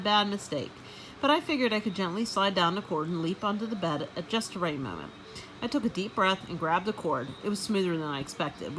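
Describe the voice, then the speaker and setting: A woman reading a children's book aloud in an expressive, animated way. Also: medium pitch, a little hiss or hum, poor audio. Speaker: storybook reader.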